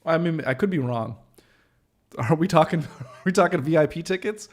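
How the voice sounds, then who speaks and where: A man's voice: fairly high pitch, expressive, normal speed. A man hosting a livestream, chatting casually with viewers in a rambling, joking way full of fillers and restarts. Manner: joking, self-deprecating. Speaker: livestream host.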